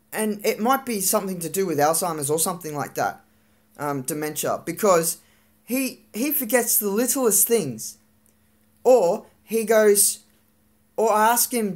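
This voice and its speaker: A woman in her thirties venting angrily in a sweary, rambling monologue, acting out arguments with her family. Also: medium pitch. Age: 30s. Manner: angry, sweary ranting with quoted arguments.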